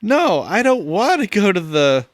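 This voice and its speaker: A man's voice: high-pitched, very animated, unhurried, no room sound, studio quality, pitched above the performer's own voice. A man doing a whiny little lost girl. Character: small lost girl, fretful. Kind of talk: comic storybook reading.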